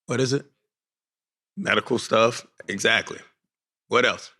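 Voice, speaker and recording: A man's voice: medium pitch, measured pace, sharp tone. A man moderating a panel, energetically quizzing young basketball players and coaxing answers.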